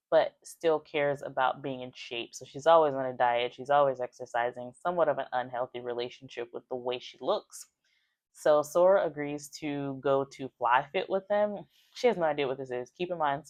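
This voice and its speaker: Woman, deep voice, casual book recap, filler-heavy, dry close sound. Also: no echo. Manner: chatty, with many "like" fillers, acting out quoted lines. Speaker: book reviewer.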